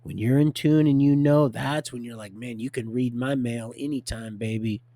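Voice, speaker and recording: A man hosting a livestream, rambling through a religious monologue, swinging from hushed to loud and laughing often. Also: medium pitch, fairly even intonation, moderate pace. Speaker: livestream host.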